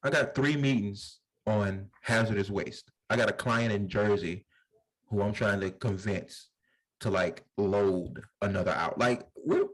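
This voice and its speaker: A young adult man co-hosting a podcast, telling stories in a slangy, animated way and acting out voices in casual chat. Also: fairly low pitch, unhurried, rough recording. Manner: animated storyteller, slangy, acts out voices in anecdotes. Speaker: podcast co-host.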